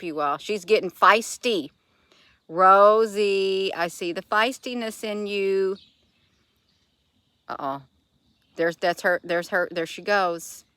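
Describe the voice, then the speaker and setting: A woman's voice: mid-range voice, fairly bright tone, clean tone, no room sound. A middle-aged woman vlogging in a rambling, casual way, cooing fondly at her pet cat between remarks. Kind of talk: casual vlog chat.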